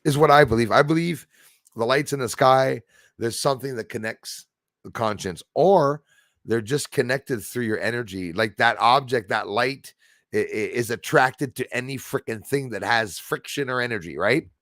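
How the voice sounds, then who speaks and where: Gravelly, rambling livestream host. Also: male voice, medium pitch, moderate pace, no room sound, studio quality. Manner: rambling, excitable, answers viewer chat aloud. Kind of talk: casual livestream chat.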